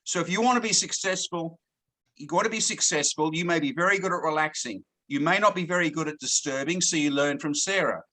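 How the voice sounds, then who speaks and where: A man's voice: a little high, fairly quick, pushed and bright. A man giving a sales training talk to a team, often stopping to check in with "okay?" and repeating words as he goes. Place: lives in Thailand, now in Australia.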